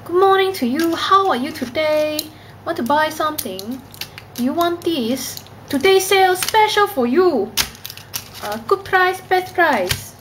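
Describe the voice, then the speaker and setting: Woman playing a high sing-song Cantonese shopkeeper. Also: animated, a little slow, background noise. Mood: pushy. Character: pushy Cantonese shopkeeper hawking goods.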